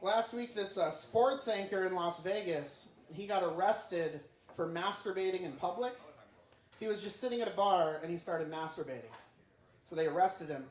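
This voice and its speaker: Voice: mid-range voice, moderate pace. Hesitant comic on a roomy stage. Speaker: guest comedian. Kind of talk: stand-up set. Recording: roomy venue.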